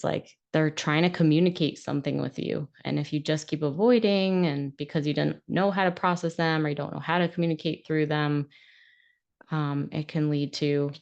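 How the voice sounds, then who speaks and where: A woman's voice: deep voice, vocal fry. A woman hosting a podcast, talking casually and frankly in a rambling, self-reflective way that is often broken up by laughter. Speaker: podcast host and coach. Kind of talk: casual monologue.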